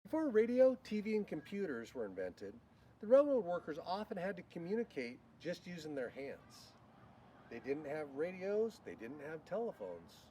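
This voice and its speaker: A man with a fairly high, very lively voice leads a children's Bible school lesson, explaining a game at an unhurried pace. He is recorded from some distance, with a faint hiss underneath. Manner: slow, animated, leads shouted call-and-response. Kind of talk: teaching a game to children on video. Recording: distant mic with faint noise.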